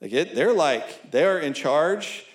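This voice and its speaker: A man's voice: on the high side, animated, measured pace. A man preaching a sermon to a college crowd in a casual, conversational way, often checking in with "right?" and reading scripture aloud. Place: church hall at a college service. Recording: echoey room.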